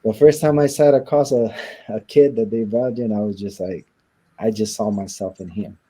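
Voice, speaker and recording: A man's voice: lowish voice, fairly even intonation, moderate pace, mellow, husky. A man being interviewed, telling a personal story and acting out the lines of the people in it. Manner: recounts events by acting out quoted dialogue. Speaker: interview guest.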